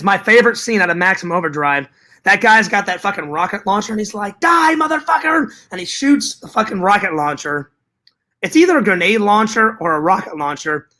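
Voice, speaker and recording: Guy doing a live stream, high bright voice, super animated, swears a lot and repeats himself, reading chat.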